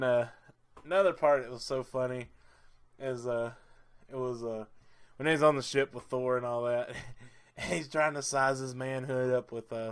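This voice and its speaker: Excitable rambling man reviewing a movie. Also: mid-range voice, smooth. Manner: enthusiastic, rambling with many "uh"s and "I mean"s; excitable and laughs easily. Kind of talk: casual movie review vlog.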